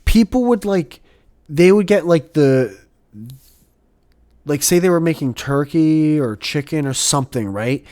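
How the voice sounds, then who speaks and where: A man's voice: on the high side, measured pace, long pauses, no echo, clean studio sound. A man hosting a podcast in casual chat, ranting with lots of swearing and laughter. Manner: profane, animated ranting with frequent laughs. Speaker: podcast host.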